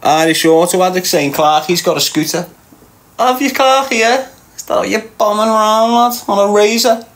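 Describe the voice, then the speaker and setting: A man's voice: high-pitched, moderate pace, fairly bright tone. Mocking Scouse man on a livestream. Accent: Liverpool Scouse. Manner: mocking banter, laughs often, talks back to chat. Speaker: livestream host. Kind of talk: casual livestream chat reading comments.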